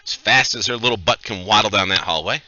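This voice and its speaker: A man's voice: lowish voice, quick pace, sharp tone, highs cut off. A man narrating a tabletop role-playing game as dungeon master, describing scenes and joking with his players. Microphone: headset over voice chat.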